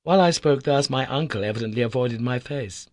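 Male audiobook narrator, measured, average pitch, dry. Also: a little mellow, no echo. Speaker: audiobook reader. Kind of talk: scripted narration of a novel.

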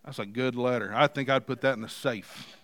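A male pastor preaching a sermon, moving from quiet scripture reading to loud, emphatic points. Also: medium pitch, brisk. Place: church.

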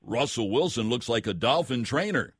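A man cohosting a radio show, reading out jokes in a deadpan way. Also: medium pitch, normal speed, husky.

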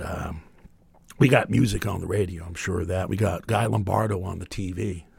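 A man in his fifties telling a rambling, deadpan personal story with wry humor. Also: sits low, gravelly, slightly rough, no room sound.

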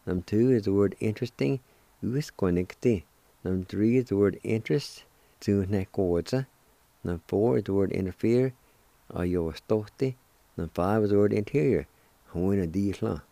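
A man from Oklahoma giving a recorded language lesson, slowly spelling out words and repeating each one with encouragement. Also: fairly low pitch, creaky, warm tone, no room sound. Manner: slow, careful, spells words letter by letter and repeats them. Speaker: language teacher and show host.

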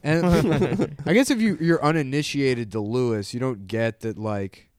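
A man's voice: mid-range voice, a little slow, a little mellow, no room sound, studio quality. A young man riffing and swearing through crude comedic banter as a podcast co-host. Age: young adult.

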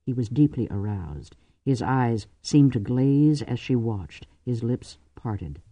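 A man narrating a novel in a measured, dramatic audiobook reading. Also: mid-range voice, animated, mellow, no echo. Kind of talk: scripted narration.

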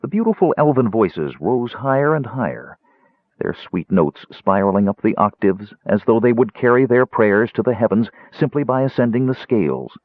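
Low husky male audiobook narrator. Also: very animated, moderate pace, no room sound. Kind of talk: scripted narration. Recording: tinny narrow-band audio.

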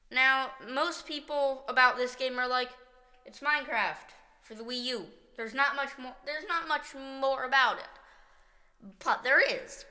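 Slow, bright-voiced woman vlogger. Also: high voice. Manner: chatty and upbeat. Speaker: video host. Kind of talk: casual game-ranking vlog. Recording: echoey room with long reverb.

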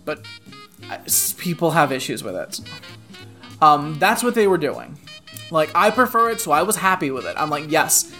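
Profane animated storyteller, mid-pitched voice. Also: moderate pace, soft background music. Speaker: podcast co-host. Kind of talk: casual chat, storytelling.

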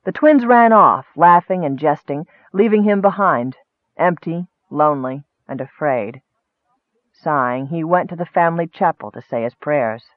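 A man narrates a fantasy story in a measured, expressive voice that sits high. The recording is dry and squeezed into a narrow band, close to a phone line. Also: no echo. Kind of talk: audiobook narration.

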